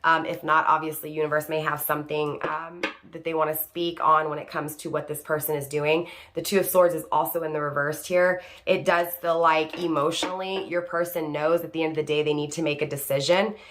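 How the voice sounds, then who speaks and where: Tarot reader, woman, lowish voice, keeps asking "right?" while rewording her points, faint card shuffling behind. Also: level tone, a little fast, hardly any pauses, fairly bright tone, a little hiss or hum. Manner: repeats "right?" and rephrases each point; addresses the viewer by star sign. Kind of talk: online tarot reading.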